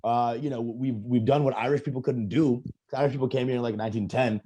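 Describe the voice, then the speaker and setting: A man's voice: medium pitch, steady tone, fast talker, mellow, breathy edge. A man, a comedian and podcast guest, ranting profanely in a casual chat. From United States.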